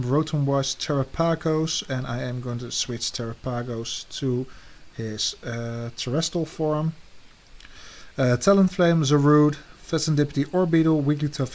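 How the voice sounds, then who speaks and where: A man co-hosting a casual chat, talking relaxed and letting his sentences trail off softly. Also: a little high, a little slow. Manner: relaxed, trails off with soft endings. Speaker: co-host ranking draft teams.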